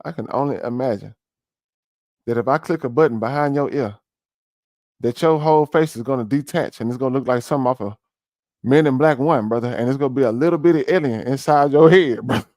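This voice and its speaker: A man doing reaction stream commentary, ranting in a loud, mocking, slangy way. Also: medium pitch, fairly quick, no room sound, studio quality. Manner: loud, mocking, slangy rants with sudden shouts.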